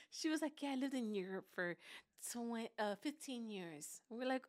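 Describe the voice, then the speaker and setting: A woman co-hosting a podcast in casual chat, telling animated stories and laughing often. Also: on the high side, moderate pace. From New York. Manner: animated storytelling, acting out others, laughs often. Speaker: podcast co-host.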